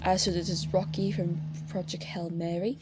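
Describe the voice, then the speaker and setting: A young woman chatting casually at home through a sketchbook tour, rambling with many fillers and getting excitable. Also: lowish voice, normal speed, heavy background noise. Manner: excitable, swears in bursts. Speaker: artist showing a sketchbook.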